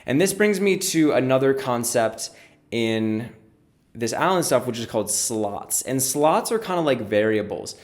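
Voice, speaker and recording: A man's voice: medium pitch, animated, unhurried. A man teaching programming in a screen-recorded tutorial, talking casually and explaining each step as he goes. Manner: casual, explanatory, walks through steps aloud. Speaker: programming instructor.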